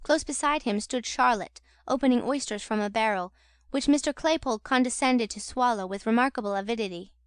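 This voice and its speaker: A woman narrating a classic novel audiobook in a measured reading voice. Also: fairly high pitch, smooth, dry recording, studio quality. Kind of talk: scripted narration.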